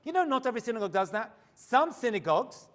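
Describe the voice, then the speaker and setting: Animated rabbi preaching in a reverberant synagogue. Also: male voice, extremely high pitch, quick pace. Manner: animated storyteller, swings from hushed to loud. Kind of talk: storytelling sermon.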